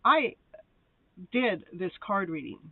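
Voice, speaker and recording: A woman's voice: medium pitch, big pitch swings, takes it slowly, no room sound. A woman host giving a live tarot reading, chatty and playful, often giggling and breaking into sing-song exclamations. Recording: tinny phone-like sound with faint noise.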